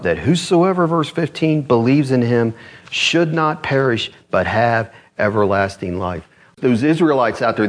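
A man preaching a sermon in church, dropping low and quiet, then rising high and urgent as he pleads. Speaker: pastor. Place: church sanctuary.

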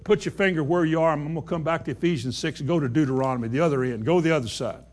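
High-voiced man preaching a sermon. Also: very fast, hardly any pauses. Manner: emphatic, addresses the congregation with questions, reads scripture aloud.

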